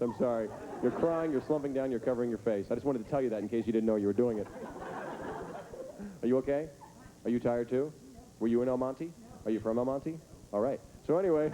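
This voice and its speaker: A male stand-up comedian teasing audience members with rapid, absurd riffs on a theater stage. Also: mid-range voice. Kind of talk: stand-up comedy with crowd work. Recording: noisy live stage recording.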